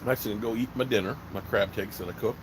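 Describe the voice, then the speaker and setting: A man's voice: on the low side, rapid-fire, background noise. A man from Virginia hosting a casual live stream, talking bluntly and rambling, swearing freely. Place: outdoors by a smoker fire.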